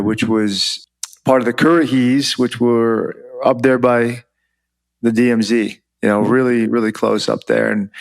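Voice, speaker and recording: A man in his forties, a former Army officer, telling stories as a podcast guest in a loose, chatty way full of "you know" and "like". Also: mid-range voice. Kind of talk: casual interview storytelling.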